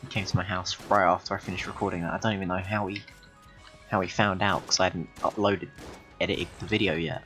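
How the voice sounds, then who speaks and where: A man rambling through an absurd, deadpan story with frequent swearing while commentating on a game. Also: low-pitched, fast, soft background music. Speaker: gaming video host. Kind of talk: rambling comedic gameplay commentary.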